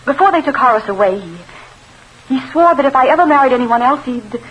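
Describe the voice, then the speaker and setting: A woman's voice: sits high, lively intonation, brisk, a bit bright, a little hiss or hum, poor audio. A woman playing an emotional, defensive widow in a 1940s radio drama, breathless and pleading. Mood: distraught.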